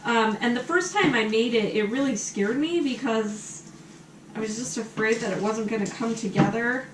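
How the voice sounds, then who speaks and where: A woman's voice: a little high, moderate pace, heavy background noise. An American woman hosting a casual home cooking demonstration, chatty and full of ums as she talks while she cooks in her kitchen. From USA. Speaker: cooking show host. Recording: echoey kitchen, mic at a distance.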